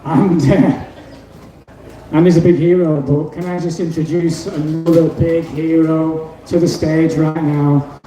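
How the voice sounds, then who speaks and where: High-voiced man hosting a festival stage. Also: level tone, a little slow, mellow. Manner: enthusiastic, praising. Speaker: festival host introducing speakers. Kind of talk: stage introductions. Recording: echoey outdoor PA, distant, crowd noise.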